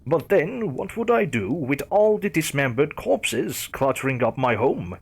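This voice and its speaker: A sardonic, defiant male killer, voiced by a male narrator in a horror story reading. The husky voice stays dry and mocking with lively pitch swings. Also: measured pace, heavily acted. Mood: sarcastic. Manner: dry, sarcastic.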